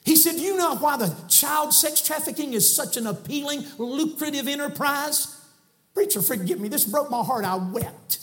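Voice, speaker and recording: A man with a Southern American accent preaching an impassioned sermon in a church, swinging between shouting and soft drops. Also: extremely high pitch, moderate pace, soft background music. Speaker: guest preacher. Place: church sanctuary.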